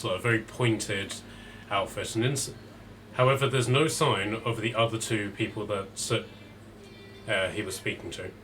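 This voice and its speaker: A man narrating a tabletop game as game master, describing scenes casually with many pauses and restarts. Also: fairly low pitch, fairly bright tone, slight background noise.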